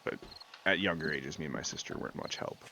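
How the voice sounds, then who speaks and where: A man's voice: extremely low pitch, animated, fast, gravelly, background noise. A man in his thirties telling a rambling story in casual chat while gaming, swearing often and filling with "like". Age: 30s. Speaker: gaming video host.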